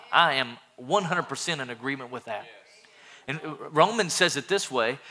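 A man preaching a sermon as a pastor, earnest and animated, with many restarts. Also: a little high.

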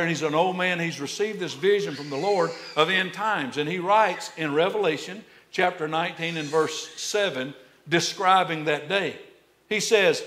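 A man preaching a sermon as a pastor, animated, repeating words as he builds and then dropping to a hush for emphasis. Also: fairly high pitch. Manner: animated, repeats words when excited, drops to hushed tones for emphasis.

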